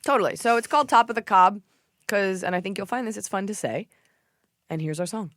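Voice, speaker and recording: A woman's voice: mid-range voice, a little fast, fairly bright tone, no room sound, clean studio sound. A woman hosting a podcast in a casual comedic chat, telling stories animatedly, acting out quotes and swearing freely. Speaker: podcast host.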